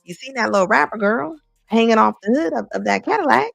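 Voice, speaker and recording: Blunt gravelly woman commentator. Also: fairly high pitch, expressive, fast, a bit bright, no room sound, faint music behind. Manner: blunt, emphatic, repeats lines for effect. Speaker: commentary host. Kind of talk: casual reaction commentary.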